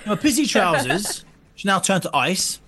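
This is a man in casual conversation, running through a story with plenty of swearing and frequent laughter. His voice sits high for a man. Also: measured pace, a little hiss or hum. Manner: animated, swearing, laughing often.

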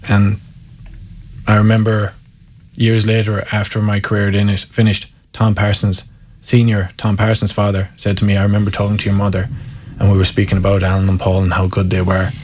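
A man's voice: lowish voice, monotone, brisk, a little mellow, a little hiss or hum. A man in his thirties with an Irish accent, a guest in an interview, telling candid, self-mocking stories. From Ireland. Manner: candid and self-mocking, laughs through anecdotes. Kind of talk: storytelling in an interview.

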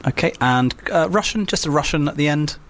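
A man's voice: on the high side, a little fast. Radio guy, teasing banter, voice jumps around a lot. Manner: teasing, animated. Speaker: radio co-host.

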